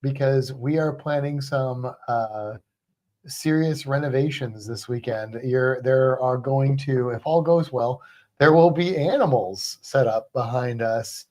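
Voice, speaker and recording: A woman's voice: extremely low pitch, unhurried, warm tone. A woman co-hosting a casual home livestream, chatty and teasing, greeting viewers by name from a home podcast studio. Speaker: co-host of a livestream about pets.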